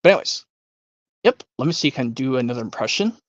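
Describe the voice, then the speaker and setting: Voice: mid-range voice, animated, quick pace, dry recording, highs cut off. A streamer hosting a voice-impressions game, chatting casually and rambling, thinking aloud with hums and restarts.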